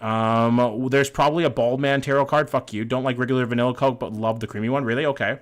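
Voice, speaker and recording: A man streaming a map-guessing game in casual chat, reading viewer messages aloud, joking and swearing freely, with bursts of excited hype between calmer guessing. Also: medium pitch, fast.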